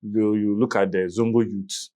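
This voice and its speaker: Ghanaian male host, low voice. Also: little pitch movement, normal speed, dark tone. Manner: polite, with frequent short affirmations and laughs. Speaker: talk show host. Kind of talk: studio interview.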